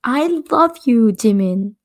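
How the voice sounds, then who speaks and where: A woman's voice: on the high side, animated, takes it slowly. A woman voicing an insecure young woman crying out and pleading with her boyfriend. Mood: pleading, upset.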